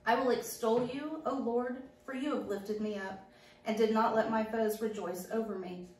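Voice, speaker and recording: A woman's voice: on the high side, steady tone, normal speed, darkish tone. A woman reading a psalm aloud in church, lifting her voice on each invocation. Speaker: psalm reader. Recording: echoey church from far off.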